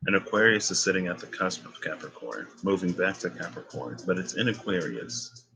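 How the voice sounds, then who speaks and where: A man's voice: low-pitched, expressive, a little fast, vocal fry, crowd noise, rough recording. A young man giving a casual tarot reading, rambling and thinking aloud as he corrects himself. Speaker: tarot reader.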